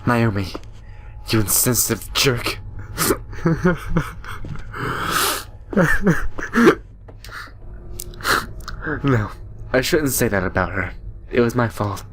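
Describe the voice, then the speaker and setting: Reading a horror visual novel aloud with commentary, a young man on YouTube performs the story dramatically and cracks jokes along the way. His mid-range voice is expressive and a bit bright, stretching words out and pausing often, with a slight hiss or hum in the audio.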